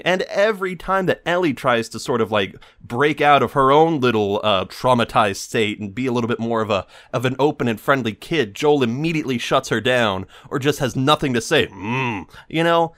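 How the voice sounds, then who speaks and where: A man's voice: medium pitch, lively intonation, moderate pace, few pauses, fairly bright tone. A man hosting a podcast, giving a rambling, sarcastic critique with lots of fillers. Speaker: podcast host. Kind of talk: casual critique monologue.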